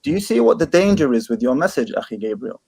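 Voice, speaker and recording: A man's voice: medium pitch, very animated, quick pace, creaky, darkish tone, breathy edge. A man in a heated online debate, pressing his opponent and repeating his question.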